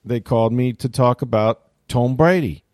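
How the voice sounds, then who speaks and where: A man's voice: mid-range voice, normal speed, darkish tone, no echo, studio quality. A middle-aged man hosting a sports talk show, telling a story in a casual, rambling way and interrupting himself often. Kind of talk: casual chat.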